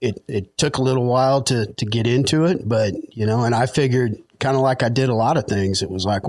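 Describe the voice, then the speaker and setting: A middle-aged man spins a loose, rambling yarn, chuckling and padding his stories with fillers. His pitch sits in an ordinary middle range, and the sound is close and dry, with no room around it. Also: fairly quick, hardly any pauses, darkish tone, dry recording. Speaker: podcast guest. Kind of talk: casual storytelling.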